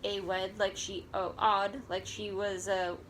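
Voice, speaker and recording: A woman's voice: mid-range voice, level tone, slow pace, fairly bright tone, slight background noise, rough recording. A woman reading a first-person story aloud in a wry, conversational way. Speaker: audiobook narrator.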